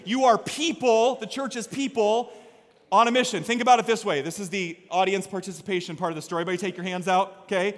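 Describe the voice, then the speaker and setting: A man preaching a sermon as pastor, energetic, swinging from quiet storytelling to loud exhortation. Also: high-pitched, a little fast. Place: church sanctuary. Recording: long reverb of a church hall.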